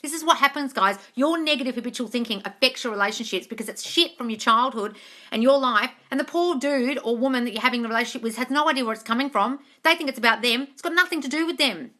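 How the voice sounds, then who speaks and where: Bright, blunt, swearing woman coach. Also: a little high, fast. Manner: blunt, profane and emphatic. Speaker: manifestation coach hosting a live Q&A. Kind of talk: livestream question-and-answer.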